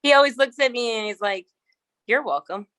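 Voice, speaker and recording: A woman's voice: fairly high pitch, fast talker, a bit bright, clear, resonant tone, no echo. A woman who trains and breeds horses, telling a long anecdote in a casual interview, rambling with restarts and laughing often.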